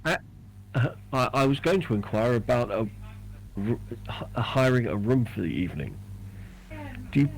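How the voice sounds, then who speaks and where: A man's voice: medium pitch, expressive, normal speed, creaky, pauses often, poor audio. A man playing a tabletop role-playing game, polite and wry, often stammering at the start of his sentences. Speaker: player. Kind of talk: casual tabletop role-play.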